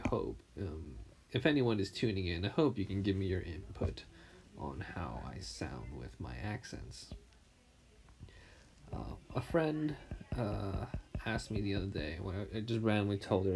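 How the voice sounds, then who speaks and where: A tired man with something in his throat, mumbling softly and half-whispering as he comments on his drawing. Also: fairly low pitch, big pitch swings, a little slow, a little hiss or hum. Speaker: artist streaming his drawing. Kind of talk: casual commentary while drawing.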